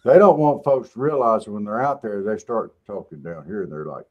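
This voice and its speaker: A man's voice: on the low side, animated, normal speed, hardly any pauses, darkish tone. A man hosting a morning show, chatting casually in a teasing way and laughing often. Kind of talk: casual joking chat.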